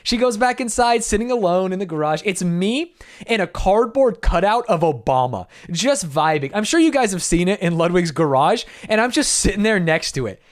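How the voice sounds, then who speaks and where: A young man, a streamer, telling a story in an animated, self-mocking way while reacting to a video, with plenty of swearing. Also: high-pitched, normal speed.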